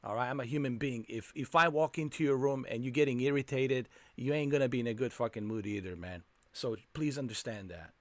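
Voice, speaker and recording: A man's voice: mid-range voice, brisk, hardly any pauses, no echo. A man live-streaming a flight game, fuming and ranting with constant swearing at the game.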